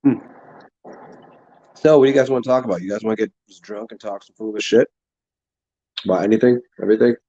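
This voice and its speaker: A man with a mellow voice on the low side hosts a lo-fi livestream, speaking at a quick pace with long pauses. He rambles, laughs frequently, and eats and drinks as he talks, sometimes with his mouth full.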